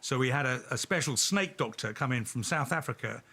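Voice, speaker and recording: A man from London telling an anecdote to a TV show audience in a brisk, self-deprecating way. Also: mid-range voice, expressive, bright, forceful tone, husky. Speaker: audience member telling a story.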